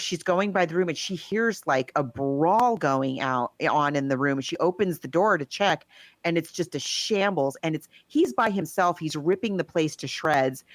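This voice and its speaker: A woman's voice: low-pitched, no room sound. A woman co-hosting a podcast, casually retelling a film's plot in a rambling way and acting out the quotes. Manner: rambling storyteller who acts out quotes. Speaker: podcast co-host.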